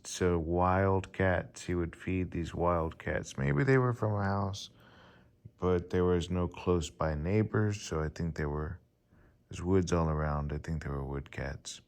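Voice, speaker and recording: A man in his forties casually telling a rambling personal story to his channel, with many pauses and fillers. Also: sits low. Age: 40s. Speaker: vlogger.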